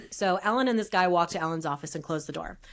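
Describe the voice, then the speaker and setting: A woman's voice: fairly low pitch, animated, quick pace. Woman co-host telling a story. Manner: narrates a workplace story, acting out the dialogue. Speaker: podcast co-host. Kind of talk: casual storytelling chat.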